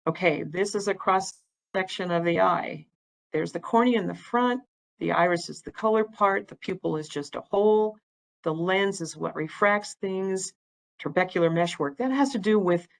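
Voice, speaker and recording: A woman's voice: fairly low pitch, vocal fry, low-quality recording. Chatty older woman explaining eyes. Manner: chatty, plain-spoken, explains step by step. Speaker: ophthalmic imager giving a talk. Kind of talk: informal educational presentation with slides.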